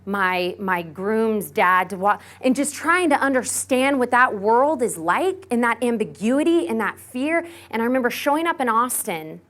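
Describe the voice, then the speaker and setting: Young woman telling a personal story from the stage. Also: on the high side. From Texas, USA. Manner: animated, heavy use of "like", acts out quoted voices; candid and self-mocking. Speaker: motivational keynote speaker.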